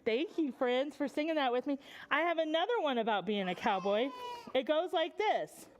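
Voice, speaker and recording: An American woman leading a preschool story time in a library, singing and coaxing young children in a lively sing-song way. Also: sits high, normal speed, lo-fi sound.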